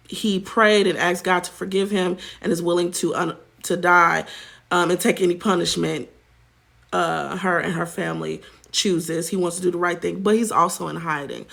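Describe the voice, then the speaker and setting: Sassy woman gossip host with a gravelly edge, talks straight to her viewers. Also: on the low side, fairly bright tone. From United States. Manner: sassy, chatty, addresses viewers as child and honey. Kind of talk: casual celebrity gossip commentary.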